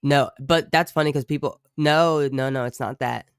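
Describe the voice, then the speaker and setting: A man who makes true crime streams and music, chatting live with his viewers in a loose, rambling way, full of swearing and quick reactions to the chat. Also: mid-range voice, vocal fry, smooth, no echo, clean studio sound. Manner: profane, rambling, animated asides to chat.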